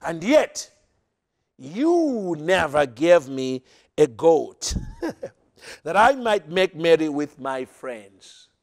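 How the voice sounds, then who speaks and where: A man's voice: fairly high pitch, sing-song, extremely slow, gravelly, pauses often, exaggerated voice. A man voicing a resentful, dutiful older son who rants and complains about his hard work. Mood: complaining. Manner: whiny, complaining ranting.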